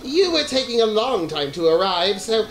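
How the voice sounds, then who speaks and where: A man's voice: high-pitched, sing-song, moderate pace, music in the background, voice pushed up, low-quality recording. A man doing a pompous skeleton, Papyrus. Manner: grandiose, theatrical. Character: boastful male skeleton, loud and proud. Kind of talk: voicing game dialogue.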